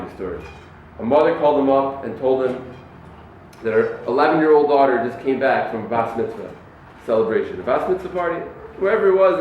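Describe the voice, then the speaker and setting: A man giving a lively yeshiva talk to students, acting out the people in his stories. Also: on the high side. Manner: animated storyteller acting out quoted people. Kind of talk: lively sermon with told stories. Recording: echoey room, mic far off, faint noise.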